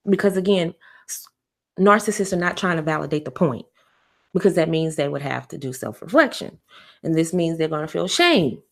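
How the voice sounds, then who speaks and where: A woman hosting a casual livestream, giving relationship advice in an animated, conversational way, with fillers, repeats and sudden high mocking voices when she quotes people. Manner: conversational with frequent fillers and repetition.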